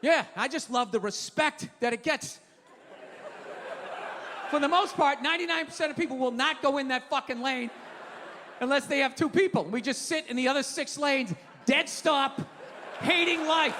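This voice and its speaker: A man performing stand-up comedy, ranting with profanity and loud outbursts. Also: very high voice, moderate pace, slight background noise. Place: comedy venue stage. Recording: live show in a large hall with audience.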